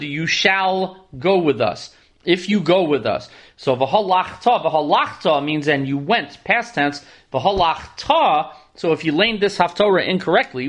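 A man's voice: a little high, a bit bright. A man giving a study lecture, reading verses aloud and then translating and explaining them line by line. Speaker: Torah class teacher.

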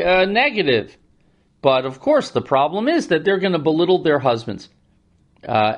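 A man giving a lecture on scripture, reading and chanting Hebrew verses in between, with a lively and wry way of talking. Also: on the high side. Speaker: Torah teacher.

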